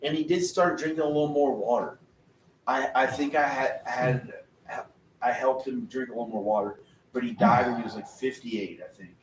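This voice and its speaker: A man's voice: mid-range voice, moderate pace. A man talking in a rambling, casual way, full of restarts and laughing to himself. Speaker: vlogger. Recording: echoey room, far from the mic, faint noise.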